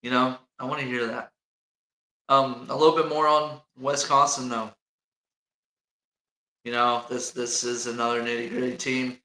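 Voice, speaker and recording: A man's voice: mid-range voice, little pitch movement, moderate pace, pauses often, bright, forceful tone, echoey room, low-quality recording. A man with an Indiana accent hosting a casual sports chat, rambling and jokey and laughing often. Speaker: podcast host.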